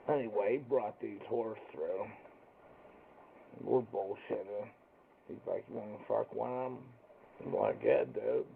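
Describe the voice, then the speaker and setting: A man's voice: fairly low pitch, unhurried, creaky, long pauses. A man telling crude stories in a blunt, profane way, acting out both sides of each exchange. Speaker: storyteller. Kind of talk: crude casual storytelling. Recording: tinny phone-like recording with faint noise.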